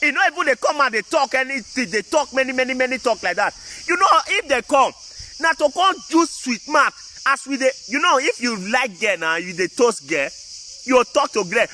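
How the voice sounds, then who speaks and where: A man's voice: very high voice, lively intonation, normal speed, bright, forceful tone, slight background noise. A man with a Nigerian Pidgin English accent, ranting to his viewers in a casual, emphatic and repetitive way. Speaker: vlogger. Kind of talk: casual political rant to viewers.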